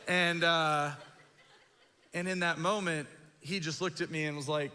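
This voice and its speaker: A man preaching a sermon, telling a self-deprecating story in an animated, joking way. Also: a little high, unhurried, pauses often. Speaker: pastor. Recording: long hall reverb.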